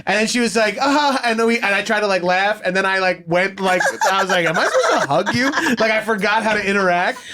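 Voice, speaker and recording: A man hosting a podcast, telling self-mocking stories in an animated casual way. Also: high-pitched, brisk, few pauses, very noisy. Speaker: podcast host. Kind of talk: casual chat.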